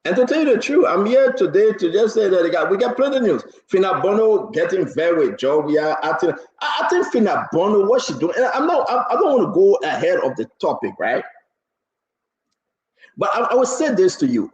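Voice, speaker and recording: A man hosting a political talk show, excitable and mocking, laughing often and repeating his words. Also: sits high, a little fast. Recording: roomy, dull lo-fi sound.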